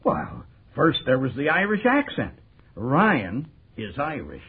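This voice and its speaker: An actor playing a boastful, chuckling prison governor in a 1940s radio drama, heard over a tinny old broadcast. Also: male voice, mid-range voice, wildly swooping pitch, takes it slowly, breathy edge, full character voice. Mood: gloating. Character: boastful American prison governor, middle-aged man.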